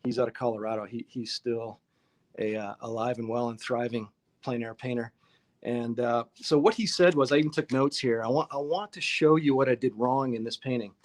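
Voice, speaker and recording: A man's voice: medium pitch, moderate pace. A man hosting a casual live-stream painting lesson, chatty and upbeat, greeting viewers in the chat by name.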